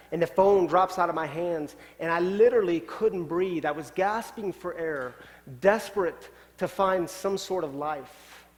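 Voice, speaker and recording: A male pastor telling a story in a sermon, swinging from loud, urgent lines down to quiet, hushed ones. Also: fairly high pitch. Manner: dramatic shifts from loud to hushed. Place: church sanctuary. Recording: long church hall reverb.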